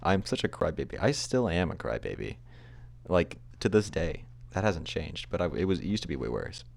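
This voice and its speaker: A man's voice: deep voice, very animated, normal speed, vocal fry, a little mellow. A young man hosting a podcast, telling a long personal story in a rambling, self-deprecating way and often laughing at himself. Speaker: podcast host. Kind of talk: casual storytelling.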